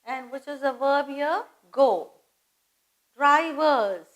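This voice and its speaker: A woman teaching English grammar, slow and patient, repeating phrases and spelling words out letter by letter. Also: high-pitched, fairly bright tone, low-quality recording. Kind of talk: grammar lesson.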